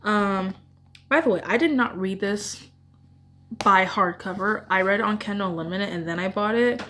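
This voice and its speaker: A woman's voice: mid-range voice, moderate pace, bright, forceful tone, slight background noise. A woman vlogger chatting casually about her favorite books, gushing and rambling with emotion. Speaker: book vlogger. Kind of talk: casual book chat.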